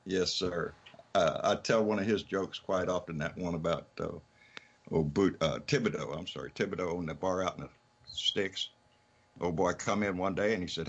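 A man's voice: sits low, moderate pace, slightly rough, dull audio. A man hosting a casual chat who tells folksy stories and laughs often. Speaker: podcast host.

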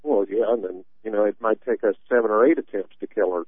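A man's voice: lowish voice, fast. A man hosting a political talk radio show, telling stories with a sarcastic, rambling manner. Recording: tinny dry phone-line sound.

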